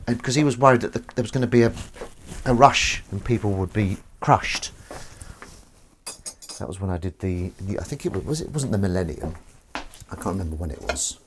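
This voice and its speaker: Here the host's voice is fairly low and animated, a little fast, with frequent pauses and slight background noise. He's livestreaming casually from his kitchen at home, chatting and reading comments while doing the washing up. Dishes and cutlery clink as he rambles, jokes at his own expense, and reads the chat aloud.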